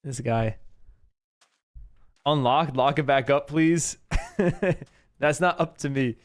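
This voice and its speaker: A man's voice: medium pitch, slow. A man streaming a game, chatting casually with a guest on a call and laughing often. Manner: laughs often, playful teasing. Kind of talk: casual gaming stream chat.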